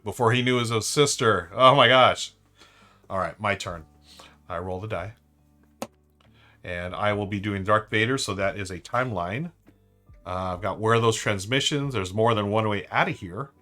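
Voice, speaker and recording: Bright-voiced upbeat male game streamer. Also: fairly low pitch. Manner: upbeat, chatty, thinks aloud. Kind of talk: live-stream board game chat.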